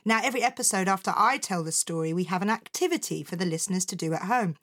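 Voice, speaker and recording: A woman hosting a children's story podcast, chatting in a lively, encouraging, playful way with her young co-host. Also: fairly low pitch, quick pace. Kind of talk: friendly kids' podcast chat.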